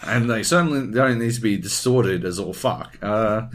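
A man's voice: fairly low pitch, moderate pace, a little hiss or hum. A man co-hosting a casual gaming podcast, swearing freely and acting out what others said. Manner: animated, swears freely, acts out quotes. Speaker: podcast co-host.

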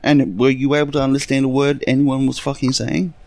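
A man, a podcast guest, chiming in with dry, deadpan quips during casual chat. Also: mid-range voice, brisk, vocal fry, no room sound.

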